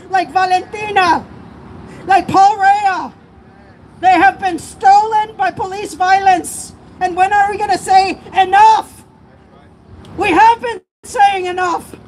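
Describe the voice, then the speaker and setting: A woman with a strikingly high voice delivers an emotional rally speech on a city street, her voice breaking at times. She is captured by a live-stream camera among the listeners, with a clear crowd murmur behind her. Traffic noise runs steadily underneath. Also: rough recording. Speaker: speaker at a protest rally. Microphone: streamer's camera mic among the crowd. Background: crowd and passing traffic.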